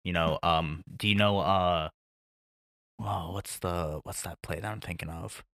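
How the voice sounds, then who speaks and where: Man, podcast host, low pitch, bright forceful tone, casual, hesitant, lots of ums. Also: steady tone, measured pace, creaky. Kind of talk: casual chat.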